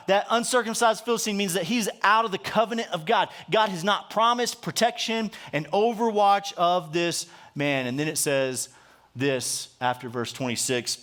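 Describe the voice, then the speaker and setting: Male pastor, conversational sermon storytelling, high voice. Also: moderate pace, fairly bright tone. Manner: conversational storytelling with frequent restarts.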